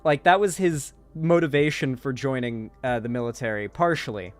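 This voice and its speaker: A man's voice: medium pitch, normal speed, soft background music. A man giving casual, sarcastic commentary, profane and full of fillers and restarts. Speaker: online commentator. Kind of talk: casual political commentary, recapping a movie.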